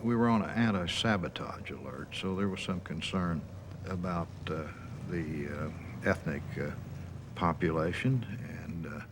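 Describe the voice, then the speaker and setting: An older man, a military veteran, recalling events in an interview, halting with frequent hesitations. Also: low-pitched, background noise.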